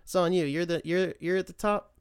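A man's voice: high-pitched, fairly even intonation, a little fast, clean tone. A man hosting a podcast, talking in a casual, profane and sarcastic rant that rambles and often restarts mid-thought. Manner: loses his train of thought, restarts often. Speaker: podcast host. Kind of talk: casual solo political rant.

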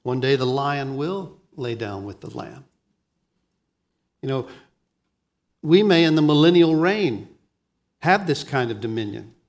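A man preaching a sermon as pastor, swinging between soft, low lines and loud, lively ones, often restarting his words. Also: measured pace, long pauses.

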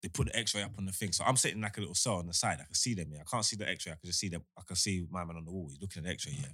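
Young guy telling a story fast, lots of slang and "you get me", dry sound. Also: low voice, sharp tone, husky, dry recording. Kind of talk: animated casual storytelling.

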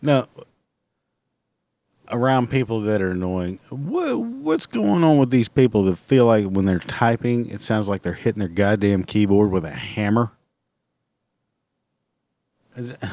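A man delivering a comic rant, exasperated and swearing constantly, breaking into loud outbursts. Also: mid-range voice, no echo. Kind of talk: profane comedic rant.

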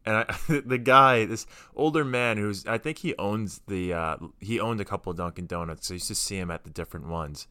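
A man's voice: on the low side, brisk, hardly any pauses, bright, forceful tone, clear, resonant tone, no echo. A man in his twenties co-hosting a casual podcast, telling self-deprecating stories. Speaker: podcast co-host. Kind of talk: casual chat.

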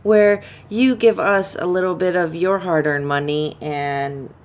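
A woman's voice: lowish voice, fairly even intonation, a little slow, a little hiss or hum. A woman co-hosting a casual podcast, rambling with many ums and uhs. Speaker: podcast co-host.

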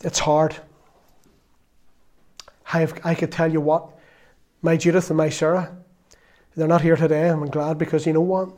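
A man in his fifties delivers an earnest, conversational sermon in a slightly high voice. He talks plainly to his listeners and sometimes drops to a quiet, confessional tone. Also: little pitch movement, moderate pace, long pauses. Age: 50s. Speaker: preacher.

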